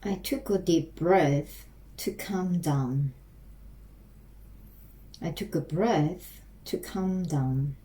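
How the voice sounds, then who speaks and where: A woman with a Korean accent practicing English on her own, haltingly repeating and restarting phrases. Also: deep voice, mellow, rough recording. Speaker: language learner practicing English. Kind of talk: self-recorded English practice.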